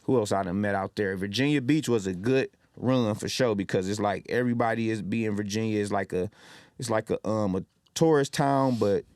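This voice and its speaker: A man in his thirties from Detroit, telling lively stories as a podcast guest and acting out what people said. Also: on the low side, a little fast, no echo, studio quality. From Detroit, Michigan. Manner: animated storyteller, loud when acting out quotes. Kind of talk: casual storytelling.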